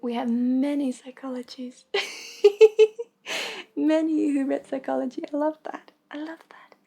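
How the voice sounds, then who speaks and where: A woman with a Swedish accent hosting a livestream as an intuitive reader, talking softly and often half-whispering, affectionate with viewers. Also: high-pitched, slow, creaky. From Sweden.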